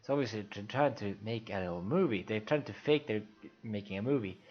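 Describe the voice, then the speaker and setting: A man's voice: lowish voice, a little fast, lo-fi sound. A man casually describing a game playthrough for blind viewers as a streamer, in a chatty way.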